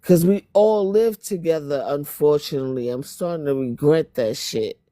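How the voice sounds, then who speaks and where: A woman's voice: sits low, moderate pace, warm tone, no echo. A woman with a New York accent, from Spanish Harlem, delivering a blunt, confrontational, profane monologue to her viewers in a strained voice.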